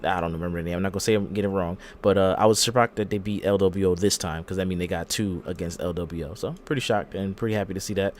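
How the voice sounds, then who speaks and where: A man hosting a podcast in casual chat, retelling events in an animated way and acting out the quotes. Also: deep voice, fast, few pauses, slight background noise. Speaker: podcast host.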